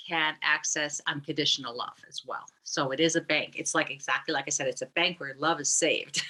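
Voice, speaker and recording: A woman's voice: low-pitched, fairly even intonation, a little fast, sharp tone, low-quality recording. A woman explaining an app she founded, talking loosely with fillers and restarts. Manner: rambling, many restarts and fillers. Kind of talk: conversational explanation.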